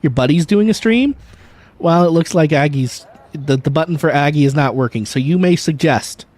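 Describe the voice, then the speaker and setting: A man's voice: on the high side, animated, normal speed, darkish tone. A man chatting casually and jokingly on a gaming livestream, swearing and talking to his viewers. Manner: chatty, jokey, swears and laughs easily. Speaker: streamer.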